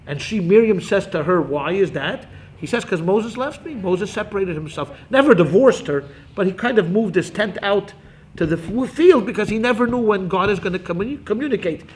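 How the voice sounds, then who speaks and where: A man teaching a Talmud class as a rabbi, animated and acting out quotes, quick asides to his students. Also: high-pitched.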